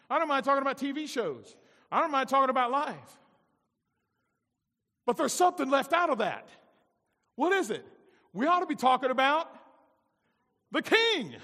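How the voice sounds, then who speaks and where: A man preaching a sermon as pastor, moving between loud emphatic lines and soft, low-spoken asides. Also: big-room sound.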